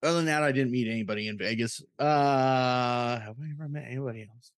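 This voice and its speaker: A man co-hosting a podcast, chatting casually with quick asides and swearing. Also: mid-range voice, clear, resonant tone, no echo, studio quality. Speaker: podcast co-host. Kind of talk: casual chat.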